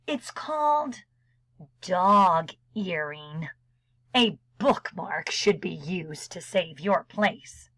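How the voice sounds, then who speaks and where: A woman librarian reading a storybook aloud to children, expressive and unhurried, dropping into soft whispers now and then. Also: on the low side, no room sound, low-quality recording.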